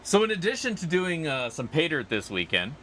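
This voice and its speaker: Lively, bright-voiced man chatting on a livestream. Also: a little high, fairly quick, a little hiss or hum. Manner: rambling, chatty, answers viewer comments. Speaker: livestream host. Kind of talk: casual livestream chat. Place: outdoors.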